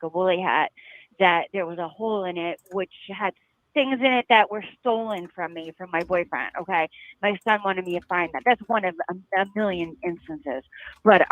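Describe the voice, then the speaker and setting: A woman's voice: lowish voice, dry recording. A woman caller on a call-in show, talking with a slight lisp after mouth surgery and laughing often. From New Jersey. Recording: tinny phone line.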